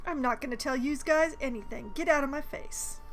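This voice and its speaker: A woman reading aloud the lines of a rude, hurried male mage in her own plain voice. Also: sits high, soft background music. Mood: gruff. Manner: flat read-aloud delivery, no accent.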